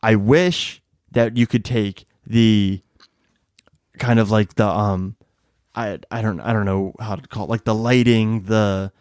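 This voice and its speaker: Chatty low-voiced man co-hosting a podcast. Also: steady tone, a little slow, darkish tone, clean tone, no room sound, clean studio sound. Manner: chatty, rambling with fillers. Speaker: podcast co-host. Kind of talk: casual chat.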